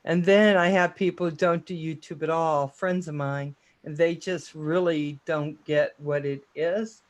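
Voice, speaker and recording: A man's voice: a little high, fairly even intonation, a little slow. A man hosting a casual online chat show, talking in a rambling, chatty, self-deprecating way. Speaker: host.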